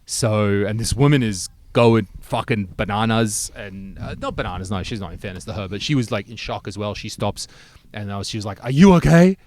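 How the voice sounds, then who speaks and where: Animated man telling a story. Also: on the low side, a little fast. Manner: animated storyteller, swears freely, acts out quotes. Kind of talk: casual chat.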